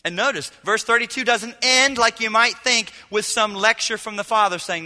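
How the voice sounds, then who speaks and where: A male pastor preaching a sermon, swinging dramatically from loud, lively lines to hushed ones. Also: high voice, normal speed, big-room sound. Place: church hall.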